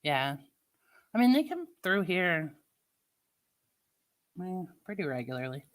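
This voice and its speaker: A woman's voice: fairly low pitch, sing-song, slow pace. A woman chatting casually with her viewers, telling stories and laughing often. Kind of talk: casual chat.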